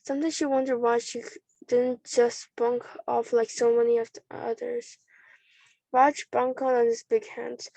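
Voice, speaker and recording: A woman reads a children's story aloud at an unhurried pace. Her voice sits a little high and is recorded close and dry. She stumbles now and then and restarts words as she goes. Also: level tone, gravelly, a little mellow, dry recording, rough recording. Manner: slow, careful reading with frequent restarts. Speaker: storybook reader. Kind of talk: reading a children's book aloud.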